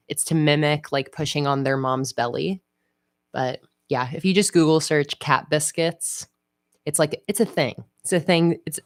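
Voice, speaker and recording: A woman hosting a casual livestream, chatting in a relaxed way with frequent fillers. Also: sits low. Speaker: livestream host. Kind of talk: casual livestream chat while planning.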